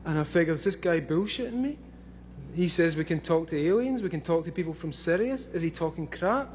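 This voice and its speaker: Brief: drunk Scottish man in his thirties, high and loud, swearing through a live speech over a faint hum. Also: expressive, a little fast. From Scotland. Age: 30s. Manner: loud, swearing, laughing between lines. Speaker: convention speaker. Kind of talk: profane live talk to an audience.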